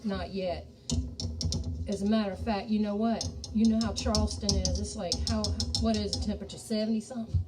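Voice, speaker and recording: Folksy woman cooking, higher voice. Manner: folksy, talks to viewers as y'all. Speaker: home cook and ghost tour guide. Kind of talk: chatty cooking video. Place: home kitchen. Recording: distant mic, music playing behind.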